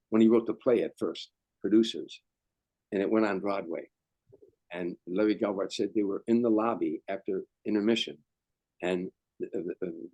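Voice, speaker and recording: A man's voice: on the low side, warm tone, no room sound, low-quality recording. An older male comedian telling anecdotes as a guest, rambling and restarting sentences. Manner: rambling, repeats words, restarts. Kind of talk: anecdotal storytelling.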